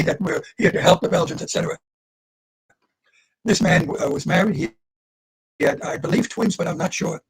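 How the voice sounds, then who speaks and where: Older man with a gravelly husky voice. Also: sits high, poor audio. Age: 80s. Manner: earnest, addresses listeners directly. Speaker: Holocaust survivor speaking to students. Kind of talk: livestreamed talk. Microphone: video call.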